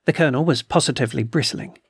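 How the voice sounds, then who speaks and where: A man reading a period ghost story aloud in a measured, literary manner. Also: mid-range voice, gravelly, fairly bright tone, slightly rough, no room sound. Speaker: audiobook narrator.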